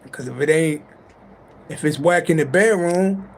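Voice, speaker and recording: This tarot reader, streaming live late at night, speaks in a somewhat high voice with a measured pace, and a faint hiss or hum sits under the audio from his livestream mic. His reading is loose, rambling, profane and full of jokes.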